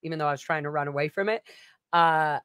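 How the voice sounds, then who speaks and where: A woman's voice: deep voice, fast, fairly bright tone, smooth, dry recording, clean studio sound. A woman singer being interviewed over a video call, talking casually in loose, rambling sentences with plenty of swearing.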